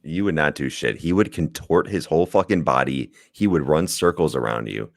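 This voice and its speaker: Very deep-voiced man arguing back. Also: normal speed, creaky, no room sound, clean studio sound. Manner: defensive, profane, laughing. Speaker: podcast co-host. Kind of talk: casual podcast chat.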